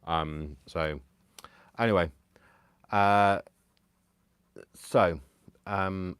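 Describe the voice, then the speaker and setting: Deep-voiced rambling man. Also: moderate pace, no room sound. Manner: rambling, self-deprecating, chatty. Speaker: livestream host making digital crafts. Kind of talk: casual live chat with viewers.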